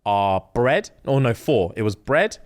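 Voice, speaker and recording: A young man, co-hosting a podcast and telling a story in a lively, slang-filled way, acting out other people's lines. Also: medium pitch, unhurried. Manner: animated retelling with quoted voices and London slang. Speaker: podcast co-host. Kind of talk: casual chat, storytelling.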